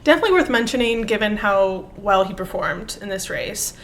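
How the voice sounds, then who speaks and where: A woman co-hosting a podcast in relaxed, joking casual chat. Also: medium pitch, fairly quick, a little hiss or hum. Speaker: podcast co-host.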